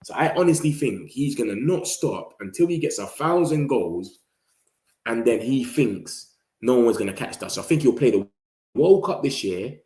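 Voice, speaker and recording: A man's voice: mid-range voice, lively intonation, normal speed, a little mellow, echoey room. A young man with a London accent chatting casually about football to his live audience, slangy and loose, now and then mimicking rival fans. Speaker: football fan channel host. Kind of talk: casual live-stream chat.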